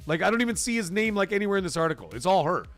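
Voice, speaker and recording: A man hosting a live stream, talking in a casual, emphatic and repetitive way, his voice getting hoarse. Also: high-pitched, very animated, racing, fairly bright tone, soft background music. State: voice going hoarse. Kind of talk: casual live-stream chat reading donations.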